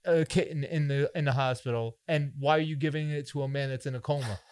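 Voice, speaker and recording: A man's voice: mid-range voice, steady tone, quick pace, darkish tone, slight background noise. Incredulous man ranting about a bad movie. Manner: incredulous, riffing on movie absurdities. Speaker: podcast co-host. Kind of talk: casual movie review chat.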